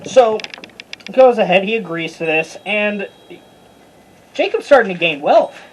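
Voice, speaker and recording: A Bible study teacher giving a casual, informal lesson, chatty and stumbling over hard names, with a husky voice. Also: medium pitch, expressive, a little slow, a little hiss or hum, poor audio.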